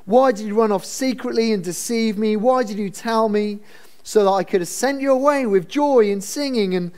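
A man's voice: very high voice, brisk, pitched above the performer's own voice. A preacher voicing an oily, greedy older father who wheedles and then threatens.

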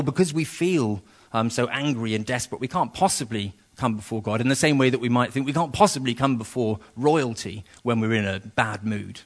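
A man preaching an evening sermon, earnest and conversational, with sudden rises in emphasis and frequent fillers. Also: medium pitch.

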